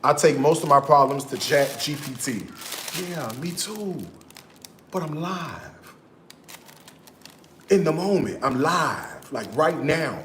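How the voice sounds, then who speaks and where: A man hosting a cooking livestream from his home kitchen, chatting straight to his viewers in a casual, animated way, often dropping to a hushed, half-sung tone. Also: on the high side, slow, long pauses, echoey room, a little hiss or hum. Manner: slips into hushed, half-sung tones now and then.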